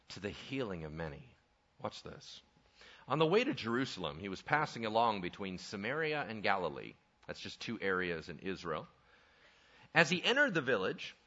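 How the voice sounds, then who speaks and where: A man preaching a sermon in a church sanctuary, telling Bible stories with humor and dropping to quiet intensity for serious points. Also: medium pitch, dull audio. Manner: animated, humorous storytelling, shifts to quiet intensity. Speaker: pastor.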